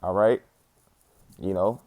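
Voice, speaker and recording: A man's voice: low-pitched, fairly even intonation, takes it slowly, dark tone, no room sound. A man giving a casual spoken religious testimony, rambling and slangy, with lots of fillers and the odd swear word.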